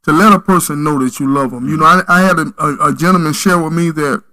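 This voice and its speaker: Bright, forceful man telling earnest stories. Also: on the high side, fast talker, low-quality recording. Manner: earnest, preacherly, emphatic storytelling. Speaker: podcast guest, mentor. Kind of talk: storytelling in conversation.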